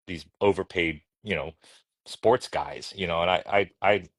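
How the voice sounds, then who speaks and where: A man in his fifties with a very low voice talks in a casual, meandering way and keeps circling back to restart his thoughts. The sound is dry and close, with no room around it. He is a podcast guest chatting at an easy, unhurried pace. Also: a bit bright, no echo. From Arkansas, USA. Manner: rambling, reflective, many restarts. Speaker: guest, children's book author.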